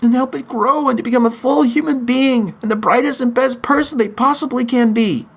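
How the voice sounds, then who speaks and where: A man hosting his own podcast, delivering an emotional, pleading opinion monologue with frequent halting restarts. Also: very high-pitched. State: in chronic pain. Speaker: podcast host.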